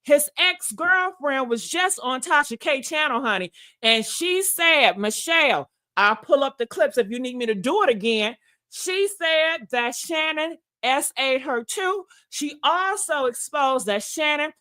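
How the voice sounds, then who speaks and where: A woman's voice: sits high, expressive, a little slow, sharp tone. A woman hosting a gossip livestream, brash and profane, talking in a casual style and calling viewers honey and baby.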